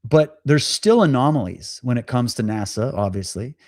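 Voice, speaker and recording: A man hosting a live stream talks casually and with animation, stumbling and repeating words as he acts out conversations. His voice sits in a middle pitch and sounds dry and close, with no room echo. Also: lively intonation, moderate pace, a little mellow. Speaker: livestream host. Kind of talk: casual storytelling monologue.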